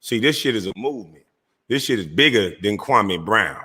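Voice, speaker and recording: A man's voice: lowish voice, lively intonation, moderate pace, bright, forceful tone, husky. Man ranting at a rival, echoing room. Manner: heated, mocking, addresses rival directly. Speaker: livestream host. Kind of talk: confrontational call-out rant.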